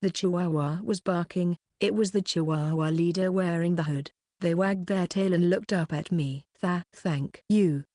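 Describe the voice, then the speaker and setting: Low-voiced woman narrating an audiobook. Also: fairly even intonation, moderate pace, hardly any pauses, mellow, no room sound, studio quality. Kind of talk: reading a web novel aloud.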